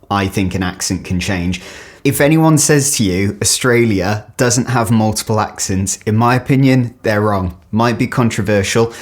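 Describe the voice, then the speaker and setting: A man hosting a video, giving casual, enthusiastic reaction commentary on accents. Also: lowish voice. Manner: enthusiastic and chatty. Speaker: YouTube host reacting to accents. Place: home studio.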